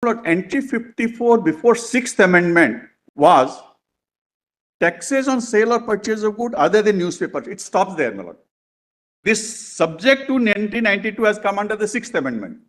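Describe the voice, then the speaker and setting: Speaking with a high, very animated, fairly bright voice, a man pleads a case before a court. He keeps saying "my lord" to the bench and stumbles through halting restarts, all recorded in the courtroom.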